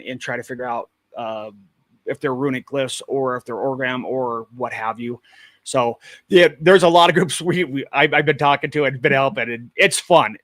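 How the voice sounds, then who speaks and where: A man's voice: medium pitch, a bit bright, no echo, studio quality. A man from Washington State, a paranormal investigator, telling his experiences matter-of-factly as an interview guest over a video call. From Washington State, USA. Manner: matter-of-fact, plain-spoken storyteller. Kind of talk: casual interview talk.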